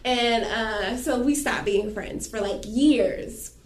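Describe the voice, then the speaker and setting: Young woman spilling a story, high voice, lively, full of "like", sits back from the mic in an echoey room. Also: slow, distant mic. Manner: animated, acts out quoted people, lots of fillers. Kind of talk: casual storytelling chat.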